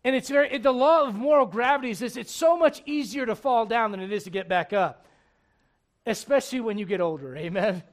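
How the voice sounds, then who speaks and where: A man in his thirties delivers a sermon in a strikingly high voice. He talks to the congregation like a friend, punching certain lines loudly before falling back to quiet, almost private remarks. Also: fairly quick. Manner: conversational preaching, swinging between loud emphasis and hushed asides. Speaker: pastor.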